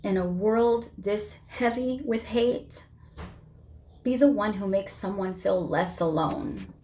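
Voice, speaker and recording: Slow, emphatic woman preaching a point. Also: mid-range voice, dark tone, a little hiss or hum. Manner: emphatic, sermon-like repetition. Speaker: vlogger. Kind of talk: impassioned spoken commentary.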